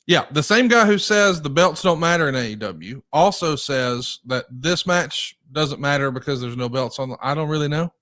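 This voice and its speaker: A man's voice: a little high, normal speed, few pauses, a bit bright. A man co-hosting a podcast, chatting casually and prodding with questions. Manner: conversational, prompts with questions. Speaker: podcast co-host. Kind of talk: casual chat.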